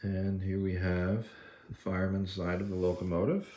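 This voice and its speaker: Holding his phone camera, a man who builds model trains shows off his work indoors in his kitchen. His voice is low and warm, his pace moderate, and his easygoing narration is full of fillers as he films.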